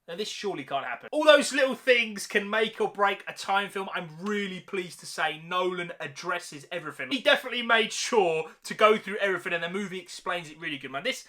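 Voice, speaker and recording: A man's voice: sits high, expressive, brisk, hardly any pauses, pushed and bright. A young man giving a casual, enthusiastic movie review full of slang, calling his viewers mate. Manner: enthusiastic slangy chatter, calls listeners mate.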